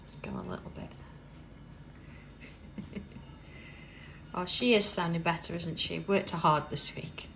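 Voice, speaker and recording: A British woman hosting a live craft tutorial, chatting as she works and dropping to a soft whisper while she draws. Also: on the low side, normal speed, vocal fry, hardly any pauses, a little hiss or hum. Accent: British English. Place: busy indoor craft workroom.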